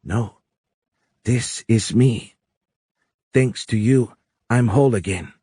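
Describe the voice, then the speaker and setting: A man voicing a calm, wise alien woman with a foreign accent, speaking slowly and explaining patiently in an audiobook. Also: mid-range voice, husky, dry recording, clean studio sound, voice pushed up. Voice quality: foreign accent, soft raised voice. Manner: slow, measured, explanatory.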